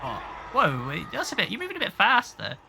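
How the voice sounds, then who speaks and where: A gravelly, sharp-toned voice of medium pitch swoops wildly up and down, a little fast, with a slight hiss or hum in the recording. It belongs to a gamer commentating a horror game let's play, constantly startled into gasps and yelps and talking back to the monsters.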